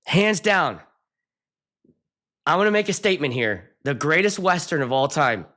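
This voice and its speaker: Rambling excitable man ranting on a live stream. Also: a little high, moderate pace. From Pittsburgh area. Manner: rambling, excitable, jumps between topics. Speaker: wedding DJ and show host. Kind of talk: casual live-stream rant.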